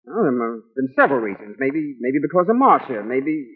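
1940s radio drama: a nervous, defensive fiancé, husky voice through tinny broadcast sound. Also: male voice, mid-range voice, big pitch swings, normal speed. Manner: defensive, hesitant. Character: nervous defensive young fiancé under suspicion.

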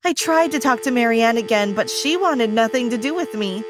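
A woman's voice: a little high, lively intonation, moderate pace. A woman reading a first-person story in a dramatic, emotional narration style.

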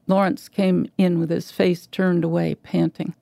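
A woman reads a short story aloud in a measured, even delivery. Her voice is gravelly and mellow, recorded close and dry. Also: lowish voice, no echo. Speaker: reader. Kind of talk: reading literary fiction aloud.

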